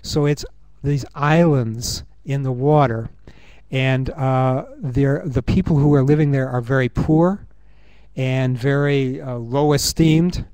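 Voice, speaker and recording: A man giving a reflective conference talk, earnest and musing, thinking aloud with pauses. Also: medium pitch, a little mellow, smooth, no echo. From United States. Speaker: conference speaker. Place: university conference room.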